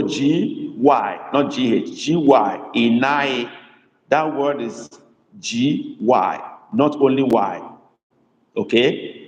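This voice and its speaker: Male tutor, patient, slow repetitions, echoey reverberant room. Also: mid-range voice, darkish tone. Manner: patient, repeats words slowly, calls on students by name. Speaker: language tutor. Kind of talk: live online class teaching.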